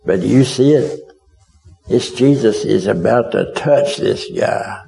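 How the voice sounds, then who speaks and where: A man's voice: medium pitch, unhurried, gravelly, dark tone, poor audio. A man preaching a sermon as a vivid story, speaking as a witness and asking his listeners directly whether they can see it.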